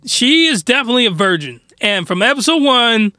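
Male anime recapper, very high and sharp-toned, exasperated ranting commentary. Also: big pitch swings, brisk, clean tone, no echo, clean studio sound.

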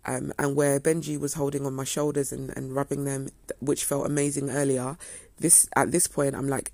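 A young woman with a low, husky voice and a gravelly edge, chatting to her viewers. She tells her story casually and slips into the voices of the people she quotes. The sound is close and dry. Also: flat delivery, normal speed, a little mellow, no room sound. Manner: chatty, acts out quoted dialogue. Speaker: vlogger.

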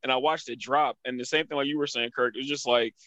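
Bright-voiced comedian in his thirties. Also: fast talker, no room sound, muffled recording. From Philadelphia. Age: 30s. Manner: animated storyteller, high put-on voices in anecdotes. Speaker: guest comedian. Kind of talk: casual podcast chat.

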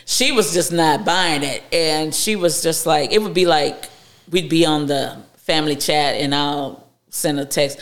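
A woman guest speaking candidly about her recovery, halting and heartfelt, with frequent restarts. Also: low-pitched.

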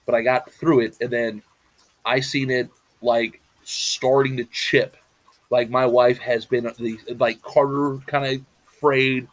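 A man's voice: mid-range voice, level tone, takes it slowly. A man co-hosting a casual talk show, rambling and swearing bluntly. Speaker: podcast co-host. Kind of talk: casual chat.

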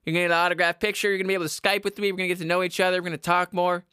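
Male comedy podcast host, loud, profane, sarcastic ranter; bright edgy voice, dead-dry recording. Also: level tone, rapid-fire, smooth, no room sound. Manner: loud, high-energy, shouty and profane; sarcastic, self-mocking. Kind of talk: ranting comedy podcast monologue.

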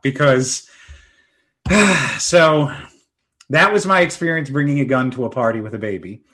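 A man's voice: mid-range voice, fairly quick. A man in his thirties, a podcast host, telling self-mocking stories in a casual chat. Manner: animated, self-mocking storyteller.

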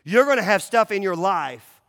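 Preaching a sermon to his church, a high-voiced pastor stays casual and conversational, sinking to near-hushed lows before surging back loud and emphatic. He is expressive and moderately paced, and his voice rings with a long reverb tail like that of a big sanctuary.

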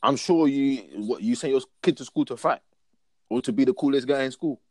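A man's voice: medium pitch, brisk, dry recording. A young man chatting casually, full of slang and forever asking whether you get what he's saying. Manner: animated storyteller, acts out his own lines. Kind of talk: casual podcast chat.

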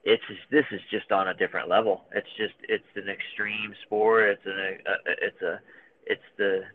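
A man in his thirties speaks candidly and emotionally, often stopping and restarting his thoughts. His voice sits a little low. It comes through narrow and phone-like. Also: level tone, moderate pace, slight background noise. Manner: emotional, searching, many fillers and restarts. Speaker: guest. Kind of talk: candid conversation.

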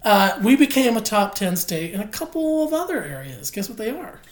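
A woman from Oklahoma co-hosting a casual podcast chat, opinionated and quick to laugh. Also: mid-range voice, roomy sound. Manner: opinionated, animated, laughs easily. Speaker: podcast co-host.

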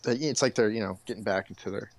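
A young man co-hosting a podcast, talking hesitantly with many restarts and soft laughs. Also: fairly low pitch, racing, gravelly, a crowd in the background. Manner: hesitant, hedging, laughs often. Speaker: podcast co-host. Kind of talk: casual chat.

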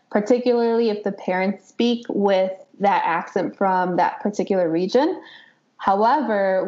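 Speech therapist lady explaining stuff calmly, lots of ums, kinda dull muffled audio. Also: mid-range voice. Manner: measured, explanatory, with frequent ums. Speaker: speech-language pathologist. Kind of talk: explanatory interview clip.

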